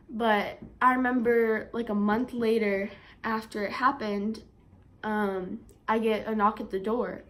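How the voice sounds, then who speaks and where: A young woman vlogger telling a story in a chatty way, with lots of fillers, and getting animated when she quotes herself. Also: on the high side. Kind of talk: storytime vlog.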